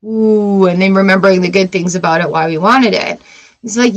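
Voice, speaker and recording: A woman's voice: medium pitch, fairly quick, low-quality recording. A woman hosting a livestream, talking candidly and encouragingly in a casual advice chat. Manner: candid, encouraging, self-talk asides. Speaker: tarot livestream host.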